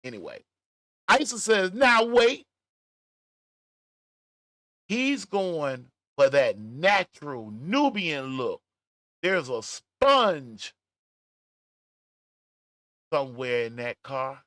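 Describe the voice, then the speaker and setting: A middle-aged man hosting a casual livestream, reading chat comments aloud with laughter and drawn-out emphasis. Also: medium pitch, big pitch swings, fairly bright tone, dry recording. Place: at home, smoking a cigar.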